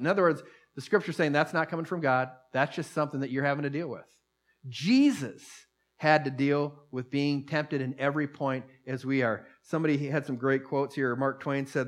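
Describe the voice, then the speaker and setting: A man preaching a sermon in a loose, chatty way, often restarting phrases and slowing down to read stories and scripture aloud. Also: mid-range voice.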